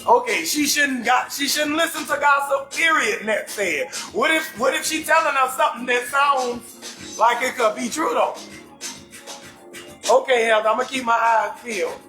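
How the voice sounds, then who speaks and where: A man from New Orleans with a New Orleans accent hosting a live comedy talk show, loud and animated, often shouting and cursing as he reads viewer comments. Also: very high-pitched, moderate pace, echoey room, soft background music.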